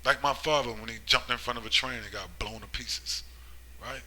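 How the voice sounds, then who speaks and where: A man delivers a rambling, preaching monologue in a bright, forceful voice. He keeps prodding his listeners with "right?" and "you see?", and his level swings from loud emphatic bursts to low muttering. He slows right down when he reads scripture. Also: poor audio. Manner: slow, drawn-out scripture reading. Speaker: religious commentator.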